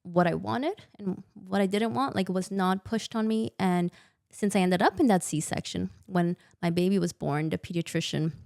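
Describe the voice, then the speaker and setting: A young woman with a lowish, gravelly voice recounts her experience as a podcast guest. She is a maternity nurse who talks candidly and with emphasis, slipping into quoted dialogue. The sound is close and dry. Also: moderate pace, few pauses, darkish tone, no room sound. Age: young adult. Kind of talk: candid conversational storytelling.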